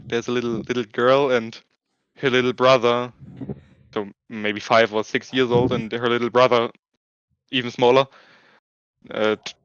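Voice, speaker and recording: Halting man chatting while gaming. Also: medium pitch, fairly bright tone, clear, resonant tone, dry recording, lo-fi sound. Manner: halting, restarts, laughs often. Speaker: racing game player. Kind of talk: casual chat while gaming.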